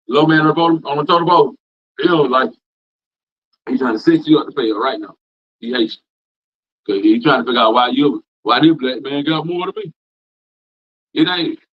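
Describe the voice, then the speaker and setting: Husky-voiced preacher man, folksy. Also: fairly high pitch. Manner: folksy, repetitive, preachy, with Southern US Black vernacular. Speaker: preacher teaching a class. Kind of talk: informal sermon, reading and commenting on scripture. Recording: dull lo-fi sound.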